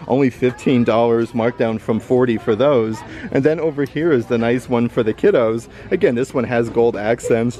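An upbeat man walks through a store filming a casual shopping vlog. His voice sits at an ordinary middle pitch and stays enthusiastic as he points things out. It is picked up by a handheld camera. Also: darkish tone. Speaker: vlogger. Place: indoor retail store.

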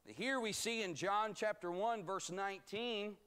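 Slow, high-voiced male preacher. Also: fairly bright tone, clear, resonant tone. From United States. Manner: measured, emphatic, reads scripture aloud and explains it. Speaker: pastor. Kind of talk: bible study teaching.

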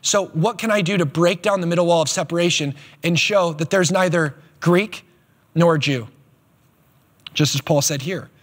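Man preaching, animated, emphatic, high husky voice, long hall echo. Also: moderate pace. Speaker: pastor. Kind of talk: sermon.

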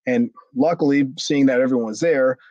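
A former pro wrestler in middle age tells a story during a laid-back interview, swearing without restraint and playing out each character. His mid-range voice runs a little fast and sounds a little mellow. The recording lacks echo and has a dry, somewhat dull lo-fi character.

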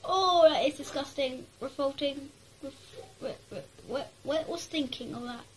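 A woman giving casual gameplay commentary, rambling and excitable, talking to herself as she plays. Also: sits high, measured pace, a little hiss or hum, rough recording. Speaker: gaming YouTuber.

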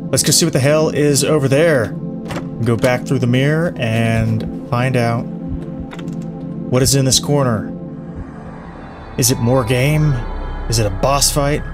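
A young man giving casual, profane gameplay commentary, thinking out loud and jumping when startled. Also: medium pitch, slow, pauses often. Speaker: let's play commentator. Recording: game music over voice.

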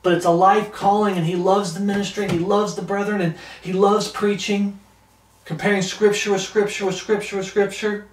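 A preacher with a fairly high male voice reads scripture with stretched-out emphasis, then comments bluntly, in a flat delivery at normal speed. He sounds a little distant from the mic amid roomy echo, with a slight hiss or hum in the recording.

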